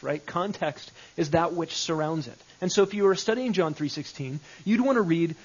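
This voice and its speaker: A man teaches a Bible study in a loose, conversational way, leaning on repeated phrases to make his point. His voice sits a little high and has a breathy, husky edge. The recording sounds muffled and lo-fi. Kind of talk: live teaching session. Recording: dull lo-fi recording.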